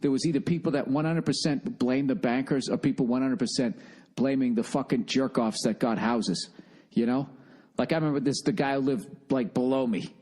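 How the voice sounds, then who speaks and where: A middle-aged man with a Boston accent rants alone on his podcast. He talks in loose, profane tangents and keeps mocking himself. His voice sits at an everyday middle pitch. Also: a little fast, a little mellow. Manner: profane, rambling, self-mocking. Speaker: podcast host. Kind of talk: casual solo podcast rant.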